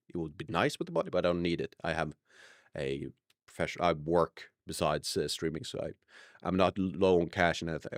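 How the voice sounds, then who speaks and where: A man's voice: deep voice, no room sound, clean studio sound. A young man streaming live, chatting casually to viewers, rambling and correcting himself as he goes, laughing often.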